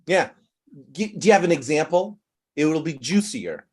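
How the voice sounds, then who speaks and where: A man's voice: on the high side, animated, normal speed, breathy edge. A man teaching an online English conversation class, explaining words with examples over a video call.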